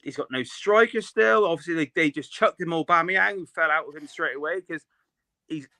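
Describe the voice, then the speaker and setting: A man's voice: a little high, brisk, sharp tone, dry recording. A man, co-hosting a casual football chat, opinionated and rambling with many restarts. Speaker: podcast co-host.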